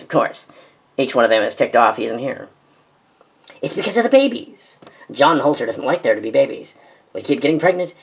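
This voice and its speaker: A woman performing a fan audio drama, playing many parts in a sarcastic, melodramatic way. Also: extremely low pitch. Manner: quick-switching, sarcastic, melodramatic. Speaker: narrator and voice actor.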